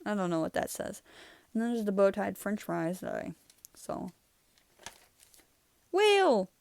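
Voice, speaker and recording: A woman's voice: mid-range voice, moderate pace, gravelly, a little mellow. Chatty young woman reviewing her old sketches. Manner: chatty, rambling, laughs often. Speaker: channel host. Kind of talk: casual art review chat.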